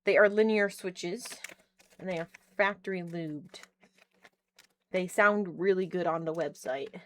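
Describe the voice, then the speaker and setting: A young woman chatting casually on a live stream from her bedroom, excitable, swearing and trailing off mid-sentence. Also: lowish voice, unhurried. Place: home bedroom.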